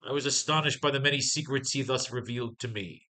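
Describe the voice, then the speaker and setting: A man's voice: medium pitch, fast talker, bright, forceful tone, natural voice. A man voicing a hateful, grandiose male villain in a goblin costume, with theatrical, gloating menace.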